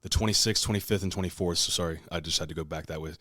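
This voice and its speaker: A man's voice: deep voice, racing, husky, dry recording, clean studio sound. A young man telling a story in casual chat, swearing freely and acting out what people said. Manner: profane, animated storyteller acting out quotes. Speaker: podcast co-host.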